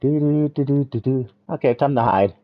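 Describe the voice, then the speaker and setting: A man's voice: medium pitch, moderate pace, close to an everyday voice. A man voicing a small, cheeky game dinosaur that teases bigger predators in a sing-song way. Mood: teasing. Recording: dull lo-fi sound.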